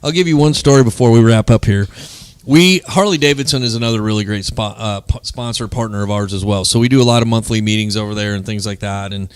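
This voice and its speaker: A man's voice: fairly low pitch, steady tone, fast, smooth, no room sound. A man hosting a casual podcast conversation, telling stories in a chatty way and filling his talk with "man" and "you know.". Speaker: podcast host and co-founder of a men's mental health group.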